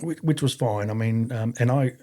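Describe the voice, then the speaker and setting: With a mellow, medium-pitched voice and a moderate pace, a middle-aged Australian man who served in the army spins casual, rambling stories. He uses plenty of fillers, often restarts, and does voices for the people he quotes.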